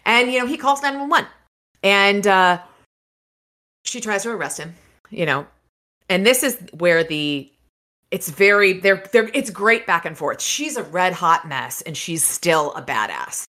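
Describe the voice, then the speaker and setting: A woman co-hosting a casual book podcast, chatting about chapters and reading passages aloud in an animated way. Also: medium pitch, measured pace. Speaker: podcast co-host.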